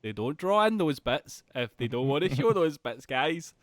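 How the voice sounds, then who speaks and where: A man's voice: on the high side, sing-song, normal speed, no room sound, clean studio sound. A man co-hosting a casual film podcast, swearing freely and laughing hard as he retells scenes. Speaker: podcast co-host.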